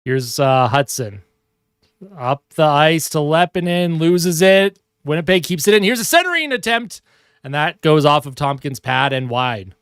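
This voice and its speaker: Casual fan doing hockey play-by-play. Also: male voice, fairly high pitch, lively intonation, unhurried, fairly bright tone, smooth, no echo, clean studio sound. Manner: casual play-by-play, chatting with his cat and viewers. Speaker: hockey stream host. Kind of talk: live play-by-play commentary. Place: home room.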